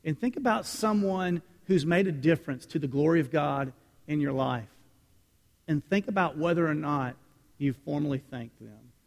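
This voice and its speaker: A male pastor with a fairly high voice delivers a storytelling sermon. He swings from raised, excited lines down to quiet, hushed asides. His voice rings with the long reverb of a church hall. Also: moderate pace, vocal fry.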